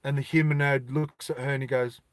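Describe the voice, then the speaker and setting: A man's voice: medium pitch, level tone, fairly quick, dry recording. A man telling a story casually to a live chat as a streamer, chatty and rambling.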